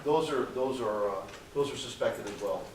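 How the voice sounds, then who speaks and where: A man's voice: medium pitch, moderate pace. Man, university lecturer, casual classroom talk, dry sarcasm, distant mic, heavy room reverb. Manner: conversational, frequent "okay" and "uh" fillers, dry sarcastic asides. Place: lecture hall. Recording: very echoey hall, far from mic, faint hiss.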